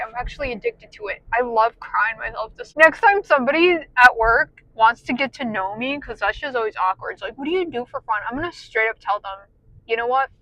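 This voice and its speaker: A woman's voice: high voice, sharp tone, no room sound, low-quality recording. A young woman vlogging, rambling in a self-deprecating way about her fears and moods, dropping "dude" and "like" all the time. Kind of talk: casual rambling monologue.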